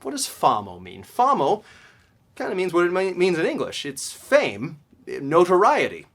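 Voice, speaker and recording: A man teaching a video grammar lesson, explaining in a lively way and often checking in with "okay?". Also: a little high, normal speed. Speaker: language teacher.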